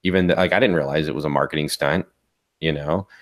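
A man in his forties co-hosting a podcast, talking casually in a rambling, halting way with many restarts. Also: very deep voice, steady tone. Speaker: podcast co-host. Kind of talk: casual chat.

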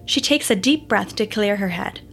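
A woman narrating a scripted space adventure story in a steady, descriptive way. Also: medium pitch, normal speed, a little hiss or hum.

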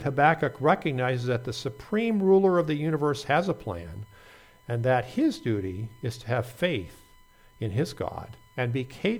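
A man preaching an earnest Bible sermon, reading scripture aloud with small slips. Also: mid-range voice.

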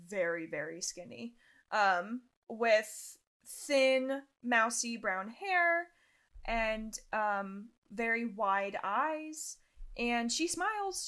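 Brief: young woman player, slow, hesitant narration, bright tone. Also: a little high. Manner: hesitant, full of ums, describing slowly. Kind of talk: tabletop role-play narration.

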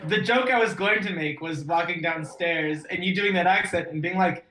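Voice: mid-range voice, normal speed, bright, forceful tone. A tabletop player bantering and joking casually, recorded in an echoey room. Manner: joking, teasing.

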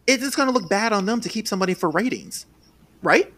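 High-voiced, sassy young podcast host. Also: male voice, quick pace. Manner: animated, sassy, with sudden high-pitched outbursts. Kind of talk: casual gossip chat.

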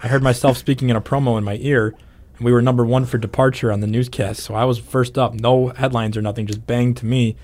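A man's voice: medium pitch, steady tone, quick pace, darkish tone. A man, a news anchor, chatting casually with a colleague in a playful, easy-laughing way. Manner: playful, laughs easily, asks questions. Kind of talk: casual chat.

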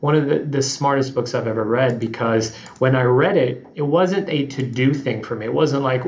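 Man, CEO guest, casual podcast interview, animated storyteller, roomy dull remote audio. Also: mid-range voice, normal speed, few pauses. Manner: animated storyteller, acts out quotes.

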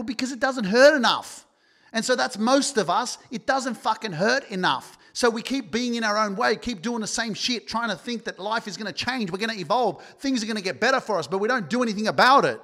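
A man's voice: high-pitched, fairly bright tone. A man hosting a self-help podcast, talking straight to listeners in a pushy, repetitive way and swearing often. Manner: swearing, pushy, repeats himself, quotes people in his own voice. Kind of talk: motivational podcast monologue, live-streamed.

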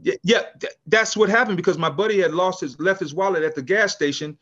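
On a muffled recording, a high-voiced man talks quickly as he recounts a story in an easygoing interview. He is a California business founder in his sixties and a podcast guest who performs the voices of the people involved, with lots of restarts.

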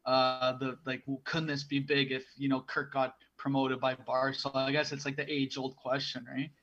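A man's voice: medium pitch, little pitch movement, normal speed, fairly bright tone, muffled recording. A young man co-hosting a podcast in casual chat, rambling with many restarts. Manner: rambling, full of restarts and fillers. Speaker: podcast co-host.

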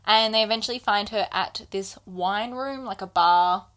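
A woman's voice: medium pitch, moderate pace. A woman chatting casually with a friend, retelling a book's scenes and acting out the characters' lines. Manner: animated, acts out characters' lines. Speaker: book podcast co-host. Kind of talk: casual chat retelling a book.

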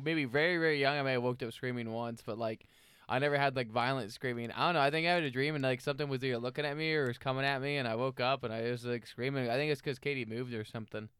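A young man chatting casually on a podcast, relaxed and a bit hesitant. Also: medium pitch, rapid-fire, smooth, no echo, clean studio sound. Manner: relaxed, hesitant, says "I don't know". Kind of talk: casual chat.

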